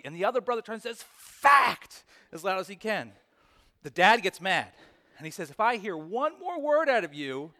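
A man's voice: sits high, pushed and bright. A man preaching a sermon as pastor, reading scripture, praying and telling stories in an earnest, emphatic way.

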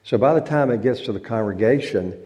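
A man's voice: medium pitch, animated, brisk, dark tone. A male pastor giving an informal talk to a church congregation, folksy and joking and drawing out words for effect. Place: church sanctuary.

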